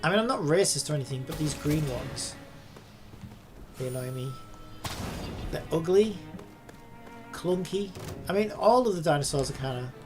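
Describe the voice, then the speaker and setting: A man's voice: on the high side, vocal fry. A man streaming a game live, casually commenting, swearing and grumbling to himself as he plays.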